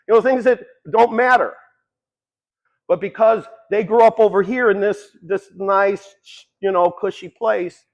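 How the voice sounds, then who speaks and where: A man's voice: high-pitched, highs cut off. A man giving a long-winded, conversational motivational talk about addiction, swearing casually as he tells stories. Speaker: speaker.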